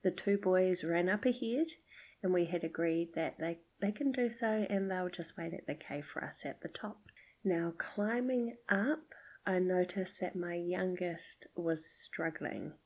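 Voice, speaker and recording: A middle-aged woman hosting a podcast, gently telling a personal story in a soft, often half-whispered voice. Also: on the low side, measured pace, poor audio. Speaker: podcast host.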